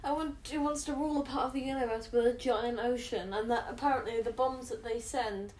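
A woman co-hosting a casual chat, chatty and quick to laugh, jumping in with her own comments. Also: fairly high pitch, steady tone, darkish tone, recorded from a distance. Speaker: podcast co-host. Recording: echoey room, set back from the mic.

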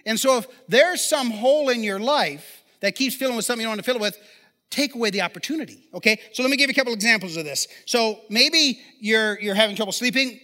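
Guy preaching a chatty sermon, pretty high voice, stumbles and repeats words, jokes about himself. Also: sharp tone. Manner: conversational, self-deprecating humor, repeats words when starting sentences. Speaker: pastor.

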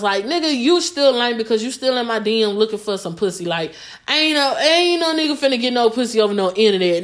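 A young woman, talking casually to camera, blunt and profane, repeating herself for emphasis. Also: mid-range voice. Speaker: vlogger giving relationship advice.

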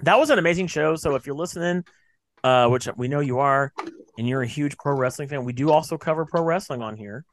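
A man's voice: fairly high pitch, brisk, a little hiss or hum. A man in his late thirties hosting a podcast, chatting casually, rambling with lots of fillers and cheerful swearing. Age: late 30s. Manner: rambling, swears freely, many fillers and restarts. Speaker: podcast host. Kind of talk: casual chat.

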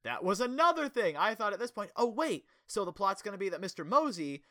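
A young man chatting casually about a kids' show episode, animated and laughing often. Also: sits high, a little fast, dry recording, studio quality. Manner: animated, laughs often, acts out quoted lines. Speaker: podcast co-host.

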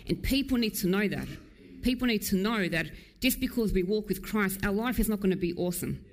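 Earnest, emphatic woman preacher. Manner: earnest and emphatic, alternating quick passages with slow, low, drawn-out lines. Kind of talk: sermon. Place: church.

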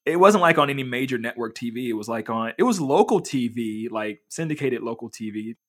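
A man's voice: medium pitch, expressive, fairly quick. Rambling man chatting casually. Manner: rambling, lots of fillers and restarts. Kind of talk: casual chat.

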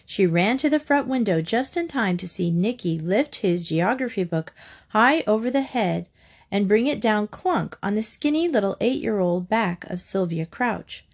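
A woman narrating a children's storybook aloud in a measured, expressive reading. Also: mid-range voice. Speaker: audiobook narrator.

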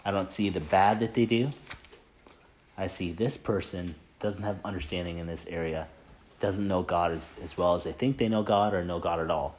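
A man's voice: deep voice, moderate pace. A man leading a Christian group, giving a casual faith talk and sharing a testimony. He talks earnestly and conversationally, rambling with many filler "like"s and restarts.

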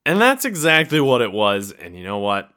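A man's voice: mid-range voice, huge pitch swings, normal speed, bright, forceful tone. A young man hosting a casual solo podcast, rambling and laughing at himself as he talks. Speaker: podcast host.

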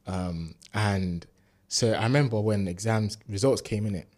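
A husky, low-voiced university student in his 20s shares a testimony in casual storytelling, speaking a little slowly. He uses relaxed street slang and lots of fillers, growing animated as he retells events.

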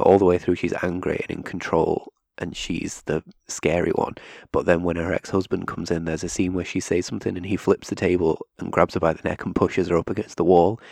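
A young man with a very deep, gravelly voice, co-hosting a casual film podcast. He explains his points earnestly and steadily, and his voice is recorded close and dry, with no room sound. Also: darkish tone, dry recording. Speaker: podcast co-host. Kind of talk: casual film review chat.

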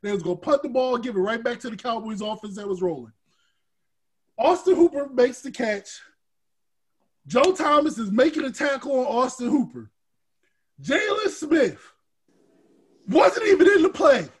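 A male podcast host in heated sports talk, animated, swinging from shouted rants to low grumbles, with a husky voice. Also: moderate pace, long pauses.

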